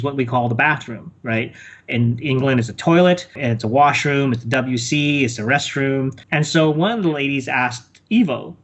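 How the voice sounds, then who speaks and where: Husky-voiced man telling a story. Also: mid-range voice. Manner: chatty, uses tag questions like "right?". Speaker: casino dealer and former cruise ship supervisor. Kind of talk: casual anecdote.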